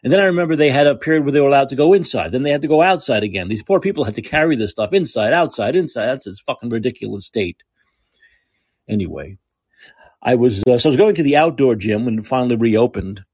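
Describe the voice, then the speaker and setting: A man's voice: mid-range voice, expressive, quick pace, a little mellow, slightly rough, no echo, clean studio sound. Sarcastic ranting man. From New York. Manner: sarcastic, profane, digressive. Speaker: podcast host. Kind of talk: ranting monologue.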